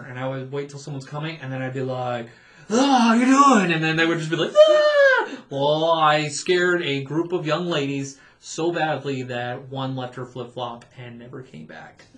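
A man's voice: mid-range voice, fairly even intonation, normal speed, a bit bright, echoey room. A man telling stories in casual podcast chat, often laughing and acting out the voices of people in his stories. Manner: laughing storyteller, acts out quoted voices. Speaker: podcast co-host, former theme park cast member.

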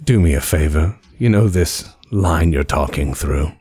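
A man voicing a refined, menacing male spymaster who speaks in a silky, measured, dainty way. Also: very deep voice, a little mellow, breathy edge, no room sound, pitched below the performer's own voice, heavily acted.

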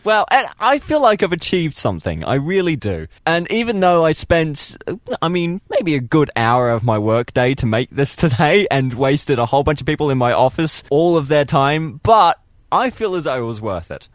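Lively laughing podcast co-host man. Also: fairly high pitch, normal speed, no echo, studio quality. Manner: laughing, lively, self-deprecating. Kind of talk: casual banter.

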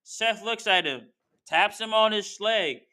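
A podcast host rants in casual, slangy commentary, calling out the people he talks about. His voice sits high and sounds bright and crisp. He stays heated the whole way through. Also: slow. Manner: slangy, heated, talks straight to wrestlers and fans. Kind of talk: casual wrestling commentary rant.

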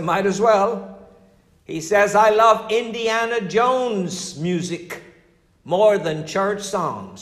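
Older guy pastor preaching, high-ish voice, chatty storytelling sermon, echoey hall. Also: fairly bright tone. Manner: storytelling, conversational preaching with dramatic drops in voice.

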